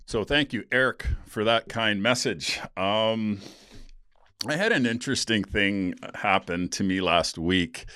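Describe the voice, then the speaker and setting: A man's voice: on the low side, sharp tone, clear, resonant tone, dry recording. A middle-aged man hosting a podcast, telling a story in a loose, rambling way with lots of fillers and restarts and some blunt swearing. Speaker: podcast host. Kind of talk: casual storytelling.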